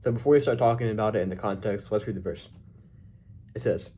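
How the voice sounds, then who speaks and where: Mellow young man talking casually. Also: fairly low pitch, quick pace, a little hiss or hum. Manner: relaxed and informal, leaning on "like" and "so" fillers. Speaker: YouTuber teaching a Bible verse. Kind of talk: casual devotional talk.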